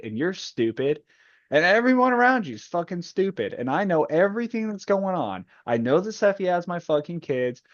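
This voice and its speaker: A man's voice: fairly high pitch, no room sound, voice pushed up. A man voicing a furious woman leader who berates an ally in a profane rant, on a dull, dry lo-fi recording.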